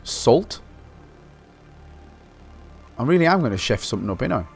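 A man from Britain giving excitable, swear-heavy let's play commentary, talking to himself as he plays. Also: mid-range voice, moderate pace, gravelly, over music. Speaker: gaming channel host.

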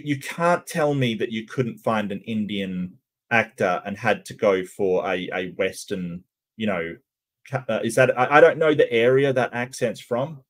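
A man talks through his reactions casually in a mid-range voice, stopping often to stammer, restart and fill the gaps with ums. He sounds unscripted and thinking aloud, like a host chatting to his viewers. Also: medium pitch. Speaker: channel host reacting to cartoon clips.

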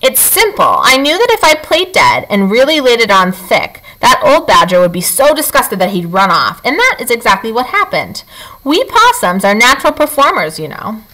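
A woman's voice: fairly high pitch, wildly swooping pitch, normal speed, sharp tone, exaggerated voice, low-quality recording. A woman reading aloud and voicing a chatty, theatrical female possum who talks dramatically. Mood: gushing. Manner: gushing, dramatic.

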